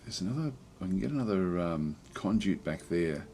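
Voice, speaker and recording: A man giving relaxed let's play commentary on a strategy game, thinking aloud with many fillers and restarts. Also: sits low, moderate pace, a little hiss or hum.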